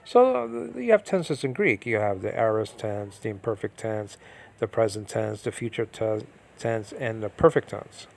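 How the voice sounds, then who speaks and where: A man's voice: lowish voice, animated, moderate pace, creaky, a little mellow. A man teaching biblical Greek in an informal, rambling way, with many fillers and restarts, often asking if listeners follow.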